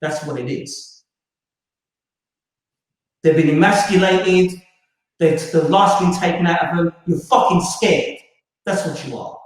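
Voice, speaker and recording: A man's voice: fairly high pitch, unhurried, long pauses. A man, a guest making an emphatic, preachy political speech. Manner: preachy, emphatic, repeats "all right?". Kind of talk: impassioned political talk. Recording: distant, very echoey room.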